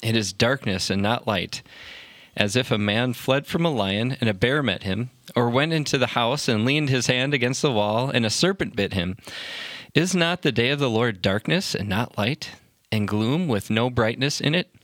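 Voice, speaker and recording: A man's voice: mid-range voice, expressive, moderate pace, a bit bright, no room sound. A man hosting a pastors' podcast, chatting casually and reading scripture aloud in an easygoing way.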